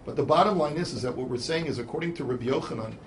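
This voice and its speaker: A man's voice: on the high side, racing, a little hiss or hum. A man, a rabbi, teaching a Talmud class. He explains each point step by step and asks questions aloud before he answers them. He chants Hebrew and Aramaic passages in a rising voice, then translates them.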